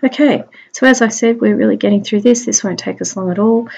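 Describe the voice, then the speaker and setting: A woman's voice: mid-range voice, brisk, vocal fry, a little mellow, slightly rough. A woman teacher giving a spelling lesson online, sounding out words phoneme by phoneme in a chatty, encouraging way. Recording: dull lo-fi home recording.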